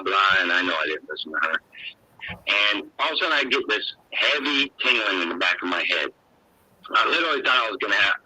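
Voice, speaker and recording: Older man with a bright, husky voice. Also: low voice, rough recording. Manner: rambling, emotional, folksy with frequent "you know". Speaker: guest. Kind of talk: personal storytelling.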